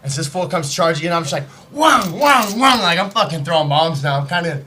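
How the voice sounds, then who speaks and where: A man telling a story in casual podcast chat, animated and profane, acting out what people said. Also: fairly high pitch, quick pace. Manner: animated, profane, acts out quotes. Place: podcast studio, live.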